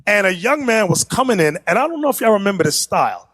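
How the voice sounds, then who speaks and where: A man teaching a class from pictures, animated and teasing, who laughs often and talks straight to the room. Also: sits high, fast, no room sound, clean studio sound. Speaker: class instructor. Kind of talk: lively classroom lecture with pictures.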